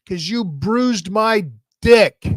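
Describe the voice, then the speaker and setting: A man's voice: high voice, drawn-out words, dry recording, clean studio sound, pitched above the performer's own voice. A man voicing his upset younger brother as a little boy, whining and stubborn about telling on him. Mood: whiny, indignant.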